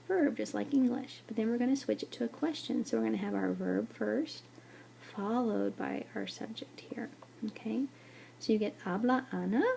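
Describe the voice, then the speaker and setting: Woman teacher, patient lesson voice, gravelly edge, faint hiss behind. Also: on the high side, dark tone. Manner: patient, repeats "okay" and examples, many fillers. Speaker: Spanish teacher. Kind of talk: whiteboard lesson for students.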